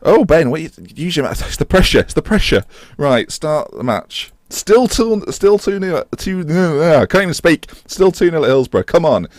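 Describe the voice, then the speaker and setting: An excitable young man talks over his football management game, his voice swinging widely from high to low. He cheers and laughs at what happens on screen. The sound is close and dry. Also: moderate pace, no room sound. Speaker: gaming YouTuber and streamer. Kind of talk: live game commentary.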